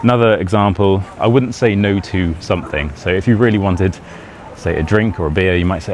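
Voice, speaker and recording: A man's voice: sits low, fairly quick. A British man talking casually to camera in a chatty, rambling way, laughing often as he teaches about his country. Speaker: British English teacher and YouTuber. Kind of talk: casual vlog talk. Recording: outdoor street noise behind.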